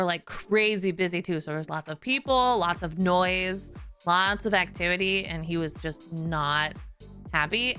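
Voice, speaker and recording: Woman streamer just chatting, laughs a lot, bright clear voice, some quiet music in the back. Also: medium pitch. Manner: chatty and storytelling, laughs often, many "like" fillers. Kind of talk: casual chat.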